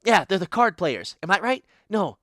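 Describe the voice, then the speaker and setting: Man playing a scatterbrained female pixie goddess: gleeful, rambling, bright tone, wildly swinging pitch, dry sound. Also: sing-song, moderate pace, no room sound, full character voice. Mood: giddy. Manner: rambling, giggly, swings between booming and squealing. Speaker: guest voice actor. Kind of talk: comedic improvised character interview.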